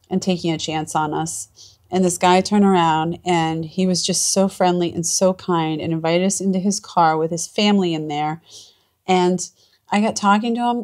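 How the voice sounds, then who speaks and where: A woman's voice: sits low, a little mellow. A woman vlogging from a small cabin, chatting in a gushing, emotional way. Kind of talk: casual chat.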